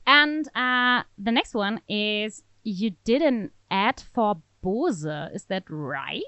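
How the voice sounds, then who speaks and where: A woman's voice: mid-range voice, animated, slow, bright, forceful tone, dry recording. A woman hosting an interview, reacting with short affirmations and asking her guest questions. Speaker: podcast host. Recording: dull lo-fi sound.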